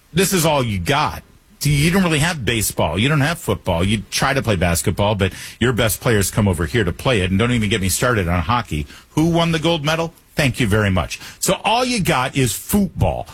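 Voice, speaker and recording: A man's voice: medium pitch, a bit bright, slightly rough, no room sound. A male talk radio host delivering a joking monologue in a wry, teasing manner, slipping in puns.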